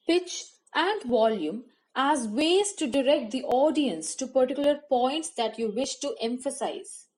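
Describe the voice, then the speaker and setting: Measured Indian English woman teaching. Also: sits high, darkish tone. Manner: measured, instructive, enumerating points. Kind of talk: scripted lesson on public speaking.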